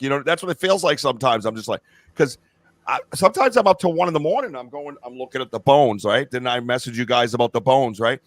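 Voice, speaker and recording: Expressive and fast, this middle-aged man hosts a live-stream podcast, rambling, swearing and sounding enthusiastic. His voice is medium-pitched, and the remote stream call has no echo.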